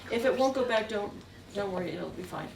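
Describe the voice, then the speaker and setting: A woman's voice: medium pitch, brisk, vocal fry. A woman stands at the front of a museum gallery and tells a long, wandering story about her travels as an artist. She chuckles often as she goes. She is far from the mic, and her voice echoes around the room over a faint hiss. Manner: meandering, with frequent chuckles. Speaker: artist giving a talk. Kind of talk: anecdotal storytelling.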